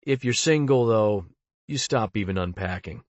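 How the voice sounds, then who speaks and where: A man with a lowish voice reads an audiobook in a deadpan, conversational way, as if talking straight to an interviewer. The sound is dry and close, with no room around it. The recording is dull and muffled. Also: moderate pace, no echo. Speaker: audiobook narrator. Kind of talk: audiobook reading of interview monologues.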